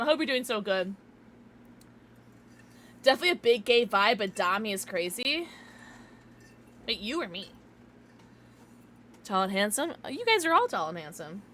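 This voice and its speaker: A woman's voice: a little high, bright, forceful tone, a little hiss or hum. A young woman streaming from home, chatting casually with viewers in a giggly, tipsy, chatty way. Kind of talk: casual livestream chat with viewers.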